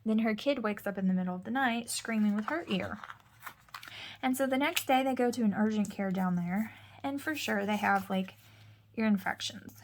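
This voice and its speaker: A woman's voice: medium pitch, slight background noise. A woman in her thirties, a mother chatting casually and rambling to her viewers as she vlogs. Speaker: vlogger. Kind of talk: casual chat.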